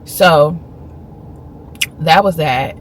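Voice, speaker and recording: A woman's voice: low voice, extremely slow, a little hiss or hum. A woman in her thirties, a vlogger earnestly and emphatically retelling a conversation. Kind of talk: casual storytelling vlog.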